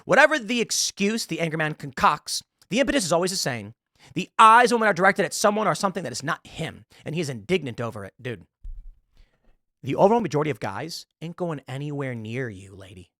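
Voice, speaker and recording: In a dry, close recording with no room echo, a thirties-aged commentary show host reads an article aloud and scoffs at it in a sarcastic political rant. He's very animated and talks fast, his fairly high voice pushed and bright and leaping up and down in pitch.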